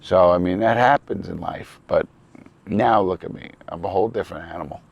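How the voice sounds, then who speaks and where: A man's voice: low-pitched, brisk, gravelly, muffled recording. A man from New York City with a New York accent, talking bluntly and with a lot of swearing to the camera, outdoors at a lakeside campground. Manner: blunt, profane, rambling and earnest. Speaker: ex-criminal vlogger. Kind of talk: casual outdoor talk to camera.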